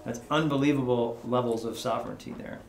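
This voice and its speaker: A man's voice: medium pitch, fairly even intonation, a little fast, creaky, slight background noise. A man leading a midweek Bible study in an office. He talks conversationally, keeps checking in with the group by asking "right?", and dramatizes the prayers he reads. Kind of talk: casual Bible study teaching. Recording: echoey room.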